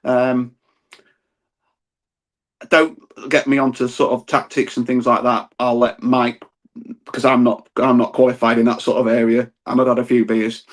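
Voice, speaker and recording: A man's voice: medium pitch, level tone, moderate pace, long pauses. A man co-hosting a football podcast, chatty and rambling, self-deprecating. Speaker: podcast co-host. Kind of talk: casual football podcast chat.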